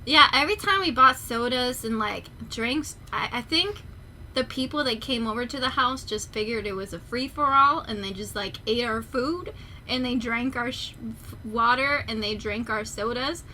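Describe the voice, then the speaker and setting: A young adult woman streamer chatting casually and rambling in an animated way. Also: fairly high pitch, moderate pace, slight background noise. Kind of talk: casual chat on a livestream.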